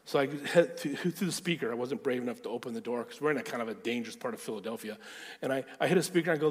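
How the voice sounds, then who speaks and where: A man preaching a sermon through lively personal stories, acting out the voices in them. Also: mid-range voice, fast talker, big-room sound. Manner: animated storyteller, acting out quotes. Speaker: pastor. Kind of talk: storytelling sermon.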